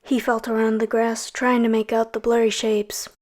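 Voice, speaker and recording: A woman's voice: a little high, little pitch movement, normal speed, a little mellow. A woman narrating a dramatic animal story over game footage, voicing every character herself.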